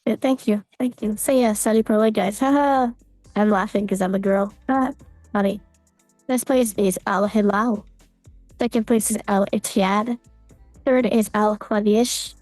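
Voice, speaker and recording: A man behind a voice changer plays a teasing, chatty young woman who jokes through her football round-up. The voice is mellow and dark-toned, and the sound is dry and close. A little music sits faintly underneath. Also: sits high, steady tone, normal speed, dry recording, voice pushed up. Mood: playful. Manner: jokey, teasing. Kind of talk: casual podcast commentary.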